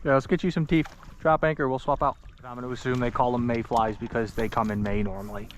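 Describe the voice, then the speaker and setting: A man's voice: mid-range voice, fairly even intonation, quick pace, a little hiss or hum. A man hosting a fishing trip vlog, talking casually outdoors on a river raft with wry, joking, self-deprecating commentary.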